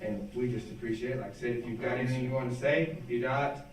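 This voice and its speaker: A man's voice: medium pitch, steady tone, fast. A man, a city official, reads an award certificate aloud and stumbles over a few words. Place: city hall council chamber. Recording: echoey chamber from far off.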